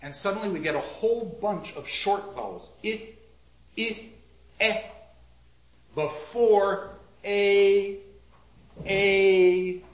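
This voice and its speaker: Man lecturing a class, slow measured delivery, slightly high voice, roomy dull lo-fi recording. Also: a little hiss or hum. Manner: reads verse aloud slowly and rhythmically, questions the class. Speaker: teacher.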